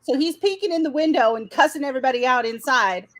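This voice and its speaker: High-voiced woman mocking a streamer. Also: quick pace, fairly bright tone, low-quality recording. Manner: mocking, blunt, profane. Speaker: channel host. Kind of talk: commentary on a stream clip.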